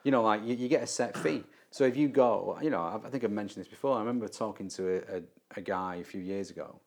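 Rambling man, low voice. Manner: stumbling repetitions, frequent "you know what I mean". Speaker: barrister and podcast host. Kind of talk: casual chat.

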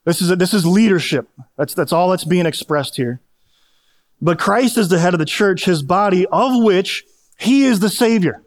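Male pastor, middle-aged, preaching in a high, conversational voice with jokes and restarts. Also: lively intonation, moderate pace. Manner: conversational, self-deprecating humor, repeats words when restarting. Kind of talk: sermon.

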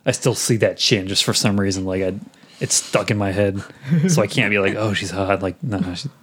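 A man's voice: fairly low pitch, fairly quick, breathy edge. Man chatting casually about games. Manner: rambling, animated retelling with laughs. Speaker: podcast co-host. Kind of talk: casual game chat.

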